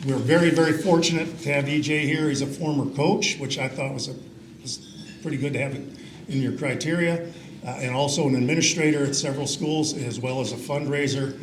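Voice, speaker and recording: A man giving a relaxed, somewhat halting introduction at a ceremony. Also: mid-range voice. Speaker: master of ceremonies. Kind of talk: ceremony speech. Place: large reverberant banquet hall. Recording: roomy hall with clear background noise.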